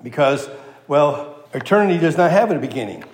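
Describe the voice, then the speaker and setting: A man's voice: a little high, big pitch swings, normal speed, reverberant. A man preaching an expository sermon as a Bible teacher, repeating key phrases for emphasis and checking in with his listeners.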